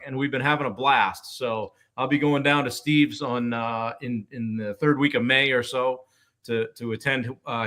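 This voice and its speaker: Talking with a guest on a video call, a male live-stream host keeps things relaxed and chatty in a medium-pitched voice. His speech is full of fillers and false starts.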